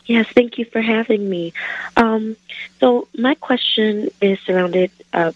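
A woman's voice: a little high, a little slow, no room sound. Female radio caller, hesitant, dull muffled phone sound, dry. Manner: hesitant, many fillers. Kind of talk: call-in question over the phone.

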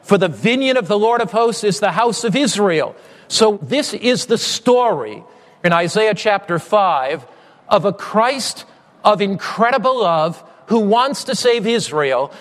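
High-voiced man preaching in a reverberant hall. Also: expressive, measured pace. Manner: impassioned, rising to shouted appeals. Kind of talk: sermon.

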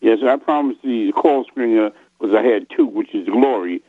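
A male caller speaking hesitantly and haltingly as he asks his questions. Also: medium pitch, no echo. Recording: tinny phone line.

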